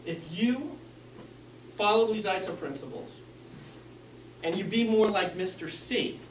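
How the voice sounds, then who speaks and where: A man's voice: high-pitched, a little slow, slight background noise. A man giving a prepared club speech on speaking skills, with varied inflection and an instructive manner. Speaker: Toastmasters speaker. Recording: echoey room, mic from a distance.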